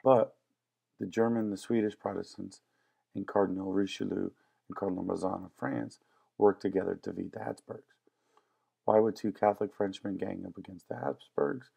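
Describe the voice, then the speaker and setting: A man's voice: fairly low pitch, moderate pace, vocal fry, warm tone, breathy edge. A man teaching a history lesson in a casual, joking lecture style. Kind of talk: classroom lecture.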